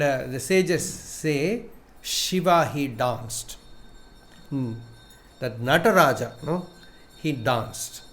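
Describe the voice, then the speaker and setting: A man giving a spiritual discourse as a teacher, measured in his delivery, repeating phrases and chanting verses. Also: on the high side. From India.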